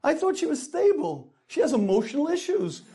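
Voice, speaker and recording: A man's voice: fairly high pitch, lively intonation, quick pace, darkish tone. A man acting out a puzzled young husband who sputters indignant questions in a story. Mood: bewildered. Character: bewildered young husband, defensive.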